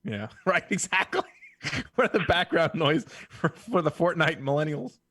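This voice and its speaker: A man's voice: a little high, lively intonation, unhurried, fairly bright tone, dry recording. A man co-hosting a podcast who drops playful, teasing quips into the casual chat. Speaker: podcast co-host.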